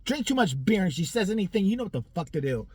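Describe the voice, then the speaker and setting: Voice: medium pitch, very animated, fast, a little mellow, husky. A vlogger in their forties ranting comically, sarcastic and profane, often laughing. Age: 40s. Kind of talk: comic rant.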